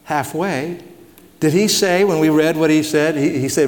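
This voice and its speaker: With a slightly high, darkish voice, this pastor preaches animatedly at a measured pace, leaving long pauses. His conversational Bible-teaching sermon is folksy and full of questions for the congregation, recorded with long hall reverb.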